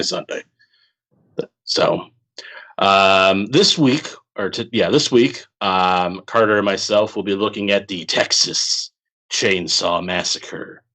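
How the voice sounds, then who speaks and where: A man with a lowish voice chats casually on a podcast. He rambles through fillers and breaks into laughter often. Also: bright, forceful tone, low-quality recording. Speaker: podcast co-host.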